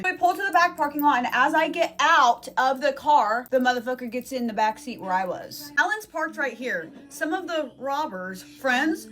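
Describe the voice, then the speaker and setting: A woman in her thirties telling a casual storytime, fast and profane, full of "like" and "dude". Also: high-pitched. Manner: fast, profane, animated retelling with lots of "like".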